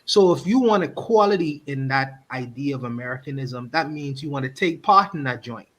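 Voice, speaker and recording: A man's voice: mid-range voice, expressive, moderate pace, fairly bright tone. A man hosting a casual podcast discussion, earnest and pressing his question, often breaking into laughs. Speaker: podcast host.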